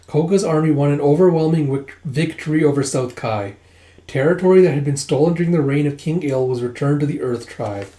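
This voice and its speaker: A man narrating a comic read-through in a casual, rambling way, slipping "it's like" in front of each quoted line. His voice sits a little high with a warm, mellow tone. The room gives it a noticeable echo. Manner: casual and rambling, reads dialogue with "it's like" asides and brief laughs. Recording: echoey room.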